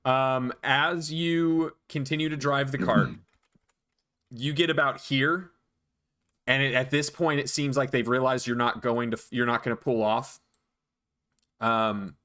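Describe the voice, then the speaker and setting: Man running a tabletop game, halting. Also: mid-range voice, steady tone, bright, forceful tone. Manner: hesitant, frequent "um"s and restarts while describing. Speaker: game master.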